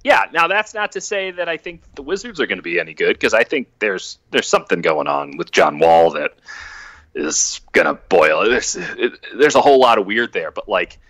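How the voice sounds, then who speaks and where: Lively low-voiced man, laughing podcast talk. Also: dry recording. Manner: laughs often, halting restarts, animated. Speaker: podcast guest. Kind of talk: casual sports podcast chat.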